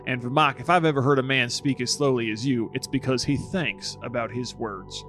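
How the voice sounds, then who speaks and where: A man's voice: mid-range voice, a little fast, a bit bright, soft background music. A man playing a tabletop game, playful and drawling, laughing often. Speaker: player. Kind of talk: tabletop role-play.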